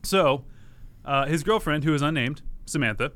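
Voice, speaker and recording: A man's voice: fairly high pitch, lively intonation, moderate pace, a bit bright. A man co-hosting a podcast, telling a story in casual, joking chat and laughing often. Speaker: podcast co-host.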